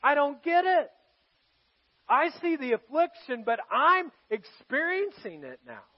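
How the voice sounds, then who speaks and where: A man voicing an anguished male prophet who accuses God in a pleading, raised, drawn-out lament. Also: very high-pitched, huge pitch swings, voice pushed up, heavily acted. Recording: dull lo-fi sermon recording.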